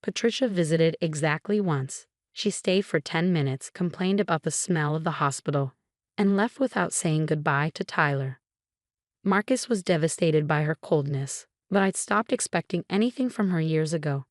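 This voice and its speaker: A young woman narrating a first-person story in a calm, measured way. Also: low voice, no echo, studio quality. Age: young adult.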